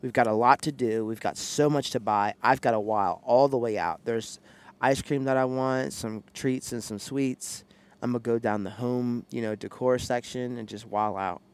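A man co-hosting a casual podcast from a parked car on a headset, joking and telling stories with animated, playful energy. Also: medium pitch, moderate pace. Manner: playful, jokey, animated storytelling. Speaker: podcast co-host. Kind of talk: casual chat.

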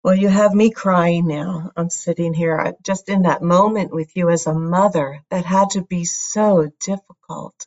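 A woman hosting the interview, answering the guest with soft, sympathetic words. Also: lowish voice, fairly even intonation, unhurried, few pauses, lo-fi sound. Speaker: podcast host.

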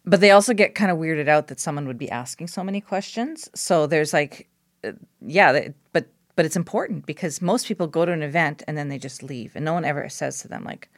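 A woman's voice: low voice, expressive, brisk, no echo, studio quality. A woman co-hosting a casual ministry discussion, speaking candidly with anecdotes. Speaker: podcast co-host.

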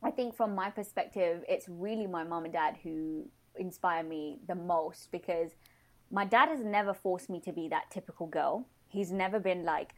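Woman, podcast guest, chatty, animated, slightly low voice. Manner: chatty, animated, quick to laugh. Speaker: podcast guest, blog founder. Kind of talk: casual podcast chat.

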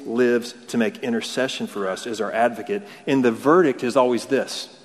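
Man, pastor, casual sermon, rhetorical questions, mid-pitched voice, church reverb. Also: normal speed. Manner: conversational, rhetorical questions, repeats words. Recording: long hall reverb.

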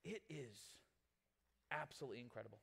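A man's voice: medium pitch, a little fast, gravelly, breathy edge. A male pastor preaching a sermon in a casual, joking, conversational way. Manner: conversational, animated, joking with the audience. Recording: long reverb in a large hall.

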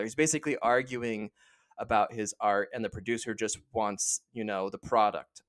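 A man's voice: medium pitch, steady tone, moderate pace. Man casually retelling a film's plot. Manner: rambling, restarts often, retells scenes. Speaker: podcast co-host. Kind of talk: casual chat, film discussion.

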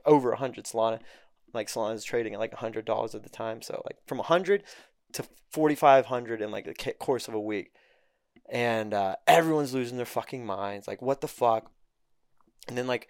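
A man's voice: medium pitch, clear, resonant tone, dry recording, studio quality. A young man telling a story in casual talk, swearing a lot and acting out the voices of the people he quotes. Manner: profane, animated, acts out quoted dialogue. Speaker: podcast guest.

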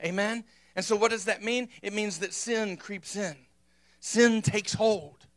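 High-voiced preacher. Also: male voice, fairly even intonation, unhurried. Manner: emphatic, punctuates points with "amen?". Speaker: pastor. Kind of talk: sermon.

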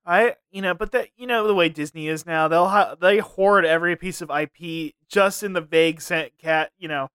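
A man co-hosting a podcast in casual banter, joking, laughing often and throwing in quick asides. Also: a little high, fairly bright tone, clear, resonant tone, no echo, clean studio sound. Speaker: podcast co-host.

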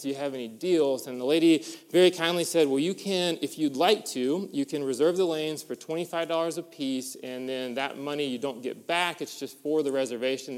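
Male pastor, fairly high and resonant voice, animated storytelling sermon in a reverberant hall. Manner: animated storyteller, builds to excited peaks.

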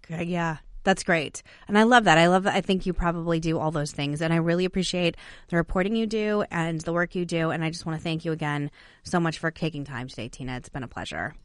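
A woman's voice: lowish voice, quick pace, no room sound, clean studio sound. A woman in her thirties hosting a podcast, chatting casually with her guests and using many fillers. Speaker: podcast host. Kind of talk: casual interview chat.

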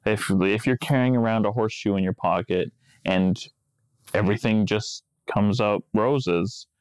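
A man's voice: fairly low pitch, unhurried, darkish tone, clean tone, no room sound. A man co-hosting a podcast in casual chat, wry and joking, laughing often. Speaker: podcast co-host.

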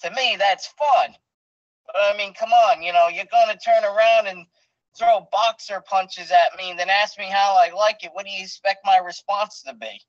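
A man's voice: high-pitched, fairly even intonation, normal speed, no room sound, lo-fi sound. A man who wrestles professionally tells stories in a casual interview, bluntly, with lots of fillers and restarts.

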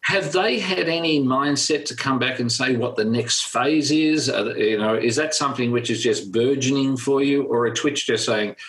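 An Australian man hosts a casual interview, his voice at an ordinary middle pitch. He asks loose, chatty questions, padding them with fillers. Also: moderate pace, few pauses, fairly bright tone, rough recording. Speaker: podcast host.

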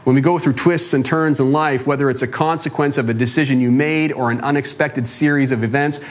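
A pastor preaching a sermon in a conversational way, asking his listeners rhetorical questions and joking at his own expense. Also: on the high side. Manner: self-deprecating humor.

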